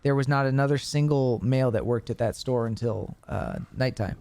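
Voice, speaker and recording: A young man hosting a podcast, telling stories in a casual, animated way with plenty of swearing. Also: medium pitch, normal speed. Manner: animated storytelling with profanity. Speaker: podcast host. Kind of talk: casual chat.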